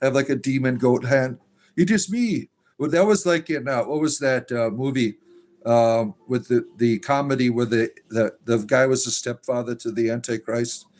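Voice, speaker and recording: A man's voice: mid-range voice, steady tone, moderate pace, darkish tone. A man hosting a spirituality livestream, chatting casually and answering comments in a rambling, combative way. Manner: rambling, combative, full of fillers and asides. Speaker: host of a pagan spirituality stream.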